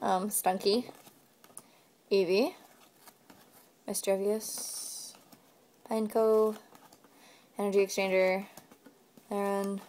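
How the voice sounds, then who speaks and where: A woman co-hosting a relaxed video where she opens trading cards. She is chatty, reacts quickly to each card, and talks about the ones she likes. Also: mid-range voice, a little hiss or hum. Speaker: video co-host. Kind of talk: casual card-opening chat.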